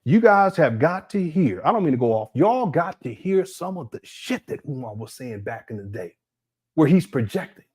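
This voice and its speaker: Animated man ranting on a livestream. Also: on the high side, normal speed, husky. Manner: animated, incredulous, rambling with restarts. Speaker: livestream commentator.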